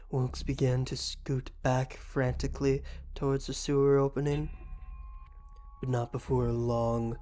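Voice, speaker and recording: Man narrating horror flatly. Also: medium pitch.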